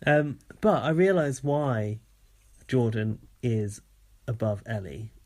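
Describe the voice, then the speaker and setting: A man's voice: mid-range voice, lively intonation, slow, darkish tone. A man co-hosting a podcast in casual chat, gossipy and giggly. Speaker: podcast co-host.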